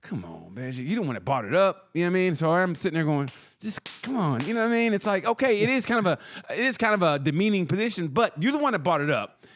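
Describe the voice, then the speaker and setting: A man's voice: high voice, animated, fast talker, fairly bright tone, a little hiss or hum. A middle-aged man co-hosting a comedy podcast, telling rambling stories in casual chat, acting out quotes and laughing often. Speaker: podcast co-host.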